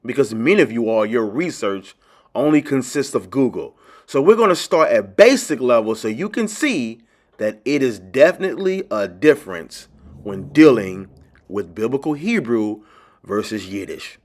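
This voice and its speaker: A man's voice: mid-range voice, sing-song, moderate pace. A man hosting a lecture-style video lesson, emphatic and insistent, repeating key phrases and speaking straight to his viewers. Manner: addresses viewers directly as ladies and gentlemen. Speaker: teacher and channel host.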